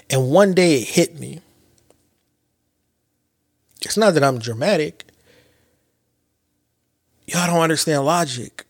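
Higher-voiced man in his late thirties, dry sound. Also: a little slow, long pauses, no echo. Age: late 30s. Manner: animated storyteller with repetitions and slang. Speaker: podcast host. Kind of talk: casual reflective monologue.

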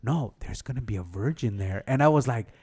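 A man's voice: mid-range voice, lively intonation, fairly quick, a little mellow, breathy edge. A man from Mexico telling a story in casual chat, poking fun at himself and dropping in Spanish words. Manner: storyteller, self-mocking, drops in Spanish words.

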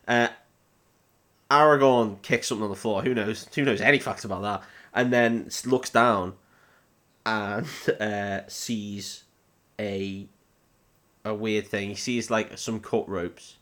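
A man's voice: fairly low pitch, fairly even intonation, slow pace, fairly bright tone. A young man co-hosting a comedy podcast, recapping a film in a rambling, laughing, swearing chat. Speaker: podcast co-host.

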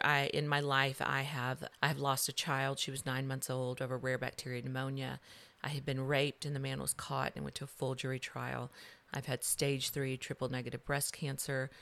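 A middle-aged woman, an author and guest, telling her story in an animated way, swinging between loud and hushed. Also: very deep voice, normal speed, creaky. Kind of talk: podcast interview storytelling.

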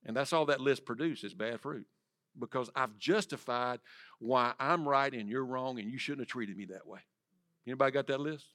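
A man preaching a sermon in church, swinging from loud to hushed and asking the congregation direct questions. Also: mid-range voice, moderate pace. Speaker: pastor. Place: church sanctuary.

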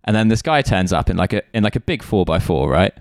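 Lively man telling a story. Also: deep voice, quick pace, no room sound, clean studio sound. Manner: animated storyteller, swears freely, acts out dialogue. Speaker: podcast co-host. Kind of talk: casual chat, storytelling.

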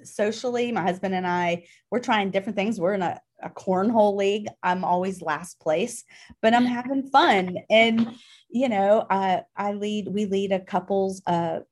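A woman's voice: mid-range voice, moderate pace, darkish tone. A middle-aged woman from Pittsburgh, a guest in an interview, telling a personal story in an earnest, emotional way, with many ums and restarts. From Pittsburgh, Pennsylvania.

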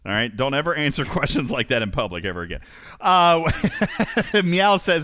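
Playful livestream host man, lively voice. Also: fairly high pitch, normal speed, no echo. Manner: joking, laughs often, sing-song announcing. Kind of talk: casual livestream chat.

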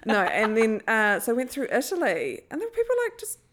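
New woman telling animated stories. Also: a little high, a little fast. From New Zealand. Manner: animated storyteller acting out quotes. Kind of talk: casual chat.

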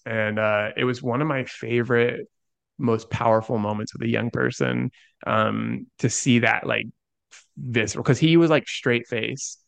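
Earnest man with a gravelly voice. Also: medium pitch, moderate pace, fairly bright tone, dry recording. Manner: earnest, many "like" fillers. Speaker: guest. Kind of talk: conversational storytelling.

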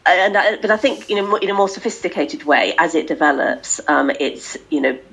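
Low, gravelly-voiced woman guest. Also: lively intonation, normal speed, fairly bright tone, poor audio. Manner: hesitant, many fillers. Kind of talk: casual conversation.

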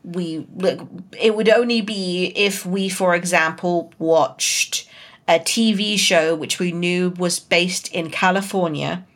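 A woman's voice: lowish voice, takes it slowly. A woman from outside the USA co-hosting a book podcast, chatty and self-deprecating, laughing often. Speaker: podcast co-host. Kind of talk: casual book-discussion chat.

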